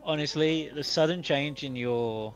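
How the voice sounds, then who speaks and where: A man joking and rambling during a casual game stream, apologizing quickly after a bad joke. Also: fairly high pitch, lo-fi sound, faint music behind. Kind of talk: casual gaming chat.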